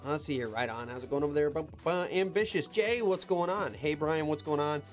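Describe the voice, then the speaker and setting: A man's voice: fairly high pitch, fairly quick. A man who runs heavy equipment, hosting a casual live stream Q&A. He reads viewer comments aloud and answers them with loose, chatty advice, talking from an equipment cab with faint music behind.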